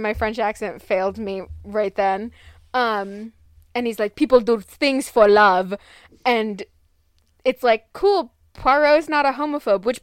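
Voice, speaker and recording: Woman, casual podcast chat, rambling, lots of "like", slow, crisp, dry close sound. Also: a little high, no echo. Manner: rambling, animated, full of "like" and laughter.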